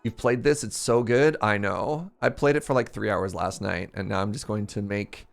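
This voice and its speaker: A man's voice: lowish voice, moderate pace, creaky. Chatty man streaming a game. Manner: animated storytelling, self-mocking, laughs often. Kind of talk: casual live-stream chat. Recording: faint game music behind.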